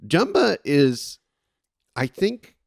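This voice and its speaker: A man's voice: fairly high pitch, huge pitch swings, drawn-out words, gravelly, no echo, studio quality. A man co-hosting a podcast, chatting casually and restarting his sentences as he thinks. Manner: hesitant, repeats words as he thinks. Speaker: podcast co-host. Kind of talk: casual chat.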